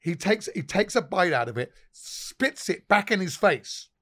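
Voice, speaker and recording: A man with a slightly high voice spins rowdy pub stories, swearing freely and breaking into laughter. He talks casually, like a guest chatting over beers. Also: very animated, measured pace, a bit bright. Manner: profane, laughing anecdotal storyteller. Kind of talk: casual storytelling chat.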